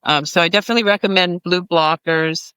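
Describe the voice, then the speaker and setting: Bright, smooth-voiced doctor on a panel. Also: medium pitch, a little fast, no room sound, poor audio. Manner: informal, explains by listing examples. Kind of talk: panel discussion.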